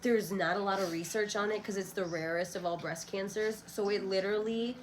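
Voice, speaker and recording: A woman in her thirties appears as a podcast guest, speaking candidly and bluntly with rambling asides and plenty of swearing. Her medium-pitched voice is steady and brisk. The rough recording carries slight background noise.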